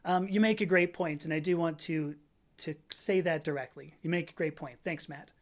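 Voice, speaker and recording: A middle-aged American woman with a fairly low voice chats on a livestream. She reads out viewer comments and answers them in loose, rambling asides, and she often stops to correct herself mid-sentence. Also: normal speed. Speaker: livestream host reading chat. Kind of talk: casual livestream chat.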